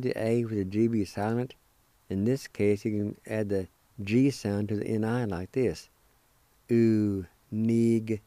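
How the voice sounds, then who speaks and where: Slow, low-voiced man teaching a language. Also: dark tone, no room sound. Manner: slow, deliberate, spells out letters one by one and repeats words. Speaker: radio language teacher and host. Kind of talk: radio language lesson.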